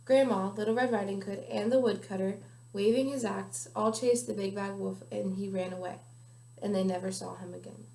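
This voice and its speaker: Recorded in an echoey room, a young guest reader carefully reads a children's picture book, slipping slightly from time to time. She has a mellow, steady mid-range voice with some vocal fry and keeps a moderate pace.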